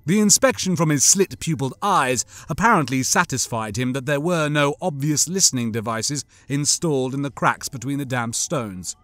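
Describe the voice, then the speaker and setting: A man narrating an audiobook in a measured, deliberate reading. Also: medium pitch, fairly bright tone, no room sound.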